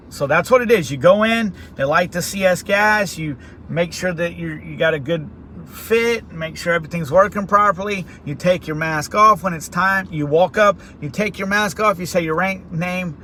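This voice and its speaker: A middle-aged man hosting a vlog from his car, telling a story in a casual, animated way. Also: high-pitched, slight background noise. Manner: animated, acts out quoted voices. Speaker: vlog host. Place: inside a car.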